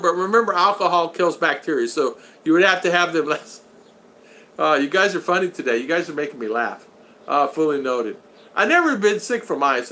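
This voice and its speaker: Older american man, bright voice, chatty, laughing, reading a live chat, talks a bit high. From United States. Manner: chatty, laughs often, greets viewers by name. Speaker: livestream host reading chat.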